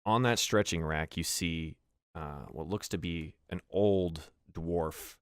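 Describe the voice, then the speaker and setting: A man narrating a tabletop game as dungeon master, describing scenes with many pauses and fillers. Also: low voice, clear, resonant tone, dry recording, clean studio sound.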